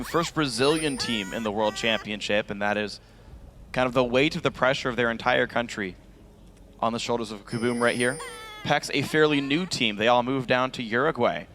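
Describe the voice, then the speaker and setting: A man's voice: medium pitch, fairly bright tone. A man co-casting an esports match in a casual, joking, conversational way. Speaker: esports caster. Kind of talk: color commentary. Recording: faint music behind.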